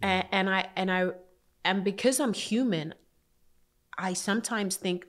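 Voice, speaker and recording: A woman from Africa, a podcast guest, talking thoughtfully about her faith with easy laughs. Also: medium pitch. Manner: slow, thoughtful, with warm laughs. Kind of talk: casual faith conversation.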